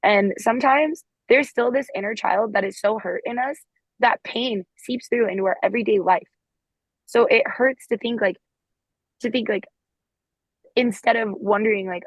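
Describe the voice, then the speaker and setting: Husky young woman, filler-heavy talk. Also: a little high, normal speed, dry recording, highs cut off. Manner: rambling, many "like" fillers. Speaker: panelist, former therapist. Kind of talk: casual discussion.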